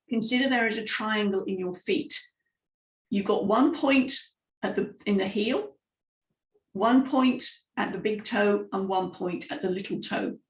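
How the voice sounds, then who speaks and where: Woman, speaking coach, demonstrative, guiding exercises, echoey room. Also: mid-range voice. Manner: lively, demonstrative, guides listeners through exercises. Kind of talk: live vocal warm-up lesson. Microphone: microphone, sometimes stepping close. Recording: roomy echo.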